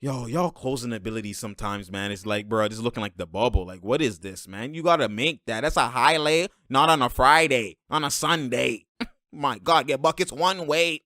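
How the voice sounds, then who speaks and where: A man hosting a basketball film breakdown, talking in an animated, slangy way, laughing often and calling out to the players on screen. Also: mid-range voice, normal speed, dry recording, clean studio sound. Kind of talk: excited play-by-play breakdown commentary.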